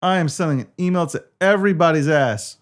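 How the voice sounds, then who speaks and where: A man's voice: fairly high pitch, fairly quick. A man hosting a livestream, talking casually to his viewers and swearing in exasperation as he repeats himself. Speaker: livestream host.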